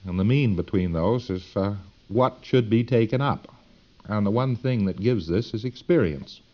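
A man's voice: on the low side, lo-fi sound. A man giving a lecture to students in a folksy, emphatic, digressive way.

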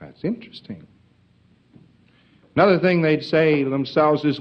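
A man's voice: a little high, moderate pace, pauses often, lo-fi sound. A man giving an informal lecture to trainees in a folksy, emphatic way, with joking asides.

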